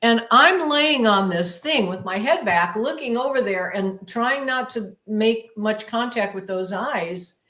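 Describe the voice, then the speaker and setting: A woman's voice: fairly high pitch, animated, a little slow, few pauses, a bit bright. A woman guest on an interview podcast, recounting a personal experience as a vivid storyteller who repeats words for emphasis and acts out what she said. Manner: vivid storyteller who acts out her own past exclamations.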